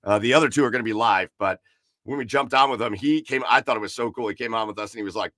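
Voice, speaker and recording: A man hosting a relaxed sports podcast chats away in a bright, forceful tone, repeating words and leaning on fillers as he rambles. He speaks at medium pitch and a quick pace. The recording is dry and up close, with no echo from the room.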